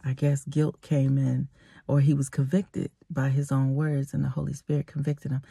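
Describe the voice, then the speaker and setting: A woman telling a personal story in a vlog, animated and dramatic, breaking into laughs. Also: rumbling low, normal speed, gravelly, slightly rough, dry recording.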